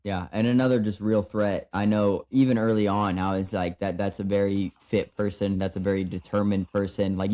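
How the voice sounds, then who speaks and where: A man's voice: lowish voice, warm tone. A man hosting a podcast in easy conversational chat, asking open questions and praising at length. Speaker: podcast host. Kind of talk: casual interview chat.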